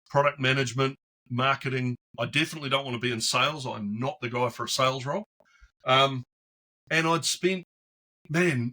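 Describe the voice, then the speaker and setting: A man guesting on a podcast tells stories in a relaxed, chatty way and acts out the voices of people in them. His voice is bright and forceful at a middle pitch. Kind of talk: casual storytelling interview.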